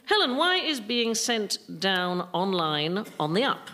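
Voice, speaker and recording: A woman hosting a comedy news quiz, reading scripted items and landing dry, deadpan punchlines in a studio. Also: mid-range voice, a little slow. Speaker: quiz show host. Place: studio before a laughing audience.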